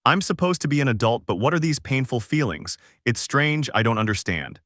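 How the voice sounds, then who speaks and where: A dignified elf woman pleading through tears, with the lines read aloud by a man in a steady, plain voice. The delivery stays even and unhurried, at a middling pitch. The recording is dry and close, with no room sound. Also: dry recording. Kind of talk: storybook dialogue reading.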